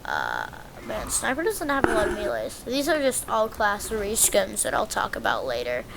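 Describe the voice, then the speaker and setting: A woman's voice: medium pitch, moderate pace, creaky, heavy background noise. A woman giving casual, rambling gameplay commentary as she walks through a game guide, often poking fun at herself. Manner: rambling, self-deprecating, easily excited.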